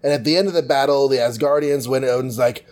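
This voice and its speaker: A man's voice: medium pitch, fast talker, a little mellow. A man hosting a podcast, recapping a comic book in a chatty, jokey way. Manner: chatty, jokey, full of fillers. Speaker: podcast host.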